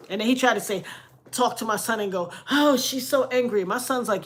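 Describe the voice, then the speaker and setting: A woman's voice: a little high, a little fast. A middle-aged woman talking casually on her vlog, emphatic and preachy, often dropping into quoted voices. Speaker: vlogger.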